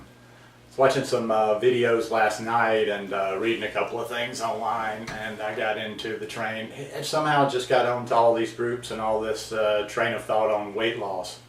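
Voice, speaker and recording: A man's voice: mid-range voice, distant mic. Earnest man vlogging in an echoey room. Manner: earnest, rambling, with many ums and restarts. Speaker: vlog host. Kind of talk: casual talking-to-camera monologue.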